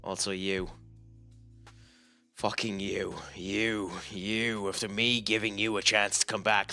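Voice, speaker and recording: A man's voice: fairly low pitch, little pitch movement, takes it slowly, bright, forceful tone, faint music behind. A man with an Irish accent giving casual, profane commentary while playing a game, ranting in exasperation. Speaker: gaming channel host.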